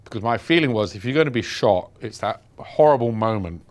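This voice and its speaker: A British man with a fairly low voice tells his own story in an interview. He is a vivid storyteller who slips in and out of the voices of the people he describes. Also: animated, a little fast. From Britain. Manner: vivid storyteller, acts out dialogue. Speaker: journalist recounting captivity. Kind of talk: first-person interview account.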